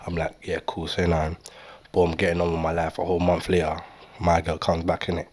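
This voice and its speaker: A man's voice: sits low, monotone, a little fast. A young man telling a story in laid-back street slang as a podcast guest. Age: young adult. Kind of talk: casual chat.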